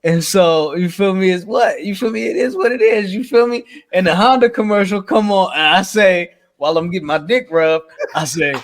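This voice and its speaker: Podcast co-host: a man with a fairly high voice, loose and profane, laughing through his own stories. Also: moderate pace, hardly any pauses. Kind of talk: casual chat.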